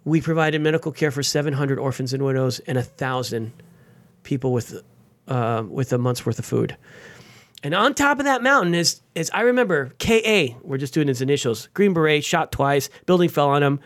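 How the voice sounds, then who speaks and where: A man, a veteran guest on an interview show, telling his story with energy and sudden jumps in pitch. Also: expressive, moderate pace, a bit bright, no echo. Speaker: guest, veteran and nonprofit founder.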